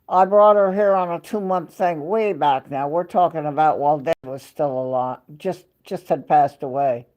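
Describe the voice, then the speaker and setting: A woman's voice: lowish voice, a little mellow. An older woman hosting a casual live chat from home, rambling and dropping in bits of Spanish and French. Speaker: livestream host.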